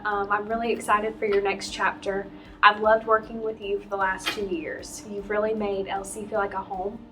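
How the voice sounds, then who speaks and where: Woman teacher, friendly thanks, medium pitch, a bit off-mic. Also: pushed and bright, recorded from a distance. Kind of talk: tribute message.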